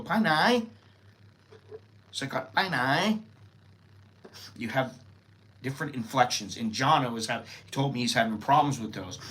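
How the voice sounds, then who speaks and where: An American man talks through a language lesson on a live stream. His voice sits at a middling pitch, and he speaks in a relaxed, informal way. He rambles and thinks aloud as he explains each phrase. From United States. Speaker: host teaching Thai phrases.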